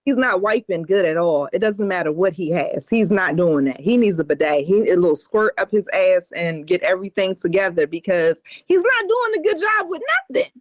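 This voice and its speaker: Woman, podcast co-host, blunt, profane, animated pitch. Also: fairly quick, few pauses, dry recording, dull audio. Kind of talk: casual chat.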